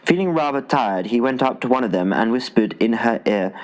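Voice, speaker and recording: A man reading a travel essay aloud as an audiobook narrator, in an expressive style with dry humor. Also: medium pitch, a little fast, rough recording. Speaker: audiobook reader. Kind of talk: scripted narration.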